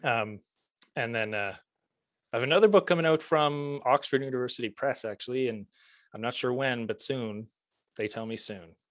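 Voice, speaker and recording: A man with a Prince Edward Island Canadian accent talks through his teaching and books in an easygoing, chatty way. His sentences often fade to a soft mutter at the end. The sound is dry and close. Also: mid-range voice, moderate pace, dry recording. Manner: relaxed, chatty, laughs easily, trails off softly. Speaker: guest, music teacher and author. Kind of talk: casual interview conversation.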